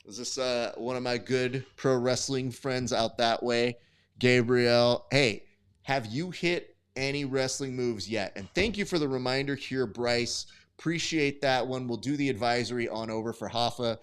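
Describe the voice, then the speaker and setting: A man with a smooth, clear voice at a mid pitch, hosting a live stream into a desk mic. He calls results and reads chat in a loose, profane, joking way. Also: unhurried. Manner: casual, profane, bantering with chat. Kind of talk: live sports commentary and chat reading.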